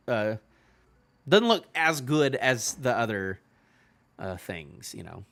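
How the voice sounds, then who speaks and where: Male host, mid pitch, bright tone; casual rambling reaction commentary, lots of "you know", trails off. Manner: low-key and trailing off. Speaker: manga reaction channel host.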